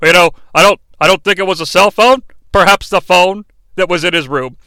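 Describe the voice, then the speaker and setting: A smug young heir, voiced by a man who whines and bristles whenever his family comes up. His tone is high, bright and smooth. The sound is dry and close. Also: fairly quick, no echo. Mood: defensive. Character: whiny young male heir, defensive and smug.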